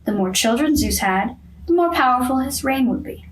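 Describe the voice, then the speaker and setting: A woman narrating a myth for a class play, in steady storytelling narration. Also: sits high, normal speed, far from the mic, a little hiss or hum, poor audio.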